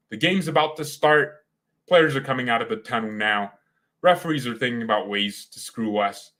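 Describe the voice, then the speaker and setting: Brief: male fan host, casual watchalong commentary, lower-pitched but bright and forceful, rambling hot takes. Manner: opinionated, rambling, slangy.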